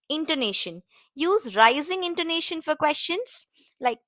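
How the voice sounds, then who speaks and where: Woman as a teacher, bright voice, dry close sound, slow deliberate phrases. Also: on the high side, big pitch swings, no room sound. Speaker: English teacher. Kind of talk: beginner English lesson.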